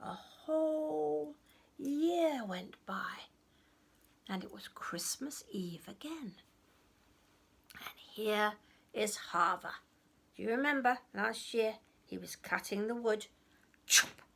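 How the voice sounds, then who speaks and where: Animated woman storyteller for children. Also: on the high side, slow pace, creaky, long pauses. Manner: animated, audience-prompting, drops to whispers.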